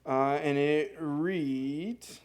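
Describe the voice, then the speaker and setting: A man's voice: a little high, drawn-out words. Earnest young man preaching casually. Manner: conversational, earnest, with frequent fillers and self-corrections. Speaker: pastor. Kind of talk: sermon. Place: church sanctuary.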